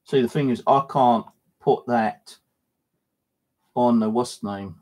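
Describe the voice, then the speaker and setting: A British man chatting casually on a live stream from his flat, blunt and sweary, scolding as he talks. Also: mid-range voice, takes it slowly. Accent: British English. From United Kingdom. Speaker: paranormal vlogger. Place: home flat.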